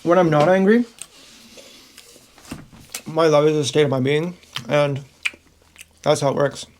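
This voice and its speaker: A man's voice: a little high, unhurried, a little mellow, slight background noise. A man vlogging in a frank, rambling monologue to camera, swearing freely and laughing often.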